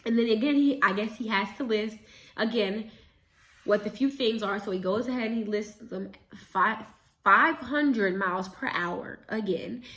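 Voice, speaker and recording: Chatty young woman telling a story. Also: medium pitch. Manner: chatty, animated retelling with quick self-corrections. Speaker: vlogger. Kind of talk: casual storytime. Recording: roomy echo.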